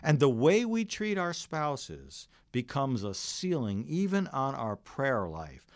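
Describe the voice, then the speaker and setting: A man's voice: medium pitch, big pitch swings, slow, few pauses, no room sound, clean studio sound. A middle-aged man preaching a sermon as pastor, earnest and full of stories. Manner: earnest, storytelling preacher who varies his delivery.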